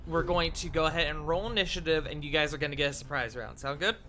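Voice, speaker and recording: Bright-voiced man running a tabletop game. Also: on the high side, fairly even intonation, quick pace, faint music behind. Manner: laid-back narrating, laughs often. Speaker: game master.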